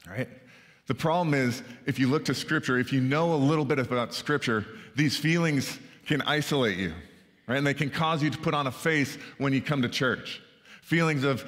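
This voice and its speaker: A man's voice: mid-range voice, a bit bright. A male pastor giving a conversational sermon, often checking in with the congregation with "right?" asides. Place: church sanctuary. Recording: church sanctuary with long reverb.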